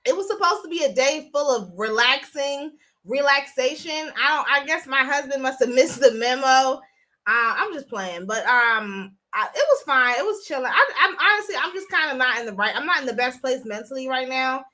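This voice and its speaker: A woman with a high, bright voice chats with her live-stream viewers in a loose, blunt way, swearing freely. She talks into a phone. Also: lively intonation, normal speed. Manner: chatty, blunt, profane. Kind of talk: casual live-stream chat.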